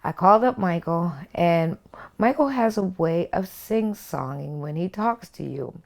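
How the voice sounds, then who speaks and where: Slow, gravelly-voiced woman telling her story. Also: on the low side, expressive, a little mellow. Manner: earnest, heartfelt storytelling, sing-song when quoting others. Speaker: documentary interviewee. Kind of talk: personal storytelling interview.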